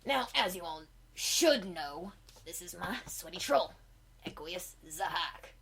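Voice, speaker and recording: A woman hosting a cosplay comedy recap of a film, rambling crudely with constant swearing and putting on quick voices for the characters. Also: lowish voice, animated, vocal fry, fairly bright tone.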